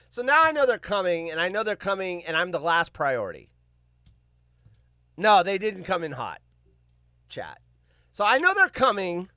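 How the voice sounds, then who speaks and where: A man with a high, forceful, clear voice tells a story to his live stream chat from his home office. He talks casually and mocks himself as he acts out the people in it. The sound is dry and close, with no room echo. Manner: animated, self-mocking, acts out other people's lines.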